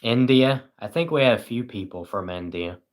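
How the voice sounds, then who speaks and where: A man's voice: medium pitch, expressive, moderate pace. A tired British man hosting a livestream, chatting casually and reading viewers' comments with dry, self-mocking sarcasm. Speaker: livestream host.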